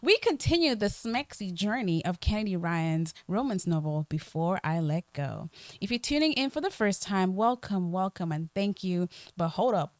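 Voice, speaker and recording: A woman co-hosting a podcast, chatting in a playful, animated and slangy way. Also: medium pitch, moderate pace, dry recording. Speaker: podcast co-host. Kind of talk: casual podcast chat.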